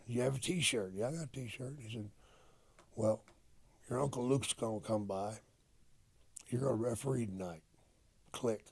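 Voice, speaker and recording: Gravelly older man telling profane stories. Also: medium pitch, normal speed, long pauses. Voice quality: gravelly, husky. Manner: profane, animated storyteller acting out quoted dialogue. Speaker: interview guest, retired wrestler. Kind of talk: storytelling in a casual interview.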